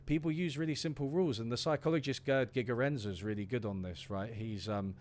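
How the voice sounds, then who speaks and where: A man's voice: mid-range voice, quick pace, a little mellow. A man, a guest talking through an economics idea in a loose, rambling way with restarts and fillers. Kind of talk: casual discussion.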